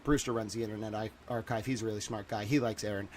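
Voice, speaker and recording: A man's voice: fairly low pitch, fairly even intonation, quick pace, darkish tone, slight background noise. A man in his thirties hosting a livestream, panicked and swearing, exclaiming and repeating himself as he talks to his viewers. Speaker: livestream host. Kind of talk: agitated livestream monologue.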